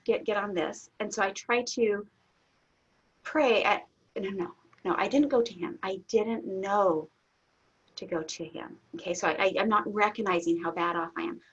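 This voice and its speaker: A middle-aged woman, a guest in an interview, telling a personal story candidly, laughing often and getting suddenly loud. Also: mid-range voice, husky. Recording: dull lo-fi audio.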